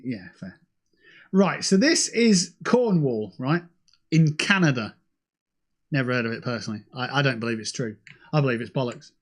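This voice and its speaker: A young British man hosting a livestream in casual, sweary chat that jumps between high and low. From United Kingdom. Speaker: livestream host.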